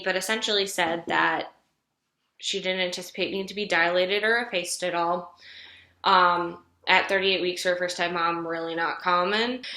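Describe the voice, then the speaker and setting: Young woman vlogger, late in pregnancy, casual and chatty, full of "like" fillers; bright voice with a lower pitch, echoey room. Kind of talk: casual storytelling vlog.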